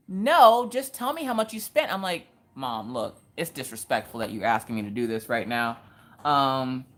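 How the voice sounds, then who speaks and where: A young woman with a low voice tells a story to her livestream viewers in a loose, chatty way. She acts out each person's lines and drops in Southern slang. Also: fairly bright tone. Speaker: craft livestream host.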